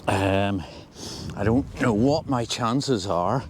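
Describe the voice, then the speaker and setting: An older Scottish man with a lowish voice chats to the camera as he walks outdoors on a windy moor. His talk rambles along, easygoing and understated, with a dry sense of humour. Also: slow pace. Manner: rambling, understated and dryly humorous. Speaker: angling vlogger. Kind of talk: casual walking commentary.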